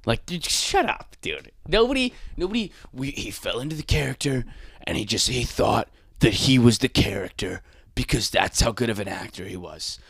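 A young adult man, a comedian, ranting casually and profanely, mocking people with quick put-on voices. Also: medium pitch, creaky, breathy edge, dry recording, studio quality. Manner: animated, profane, mocking impressions.

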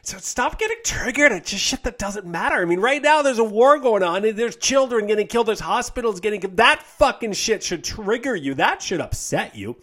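A man with a slightly high voice rants on his podcast, blunt and profane. His pitch leaps around with animated emphasis. He mocks the people he complains about without holding back. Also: fairly quick, few pauses. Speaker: health coach and podcast host. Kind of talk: casual podcast rant.

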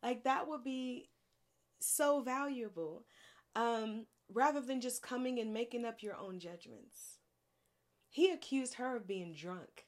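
Woman preaching a devotional, slow and earnest, kinda high voice, pauses for effect. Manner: earnest and conversational, with dramatic pauses. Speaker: podcast host teaching a Bible series. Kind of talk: devotional teaching.

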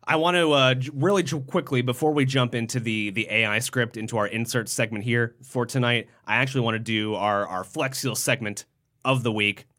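A man's voice: medium pitch, steady tone, fairly quick, sharp tone. Young man hosting a profane podcast. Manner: reads quotes aloud with jokey asides, swears freely. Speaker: podcast co-host. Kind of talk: casual podcast chat.

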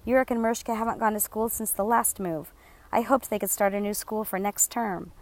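A woman's voice: mid-range voice, steady tone, fairly quick, natural voice. Woman doing a distraught, angry mother. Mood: upset. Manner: sharp and pleading. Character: anxious, distraught mother, quick to anger.

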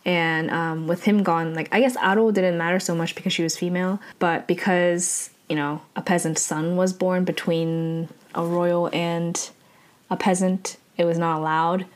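A woman's voice: fairly low pitch, steady tone, moderate pace. Chatty woman recapping a drama. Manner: chatty, heavy filler "like", self-correcting. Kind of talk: casual spoken recap.

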